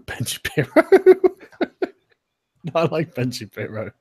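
A man's voice: mid-range voice, wildly swooping pitch, slow pace, a little mellow, slightly rough. A man hosting a casual livestream chat, joking loosely, laughing and swearing. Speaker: host.

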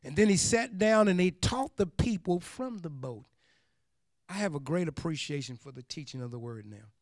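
A pastor preaching a sermon, repeating phrases for emphasis and building up to shouts. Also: male voice, a little high, expressive, moderate pace, no room sound, studio quality.

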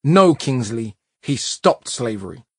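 A man reading an audiobook, voicing an insistent, excited female schoolteacher. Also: medium pitch, slow, breathy edge, no echo, clean studio sound, full character voice. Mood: annoyed. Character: stern female schoolteacher, adult.

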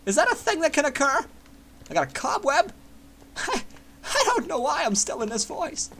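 A man putting on a silly, squeaky, sing-song voice in the middle of game commentary. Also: sing-song, measured pace, sharp tone, full character voice. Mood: goofy.

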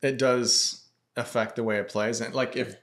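A man with an American accent telling stories from his work as a racket stringer, relaxed and full of fillers. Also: mid-range voice, normal speed. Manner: relaxed, anecdotal, many fillers and restarts. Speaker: tennis racket stringer, guest. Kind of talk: casual podcast storytelling.

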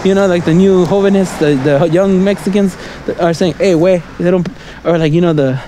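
A man's high voice comes through fairly quickly over background noise. Vlogging on a city street at night, he wanders through a casual monologue, often asking "right?" and "you know?" and chuckling along the way.

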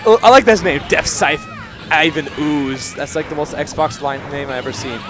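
A young man doing live, joking, profane commentary on a fighting-game match at a tournament, yelling at big plays. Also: on the high side, animated, fairly quick. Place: gaming tournament venue. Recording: live stream with crowd noise and music.

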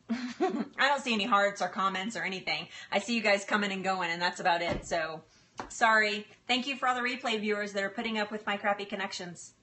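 A woman's voice: mid-range voice, brisk, pushed and bright, slight background noise. A middle-aged woman hosting a casual live stream from her home kitchen, chatty and apologetic, laughing often and stalling with fillers. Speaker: livestream cooking host and health coach. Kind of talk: casual live-stream chat while cooking.

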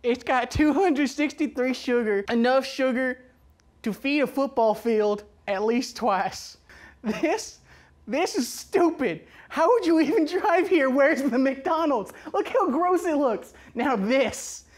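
A woman's voice: high-pitched, expressive, takes it slowly, darkish tone, pitched above the performer's own voice, heavily acted. A woman voicing a brash, boastful American patriot in an exaggerated Southern accent. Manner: boastful, whooping, rambling.

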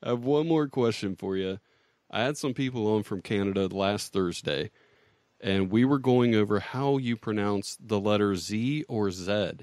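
A man's voice: fairly low pitch, normal speed, darkish tone, no echo, clean studio sound. A man hosting a podcast, asking his guest curious questions in a casual, easy-laughing way. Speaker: podcast host.

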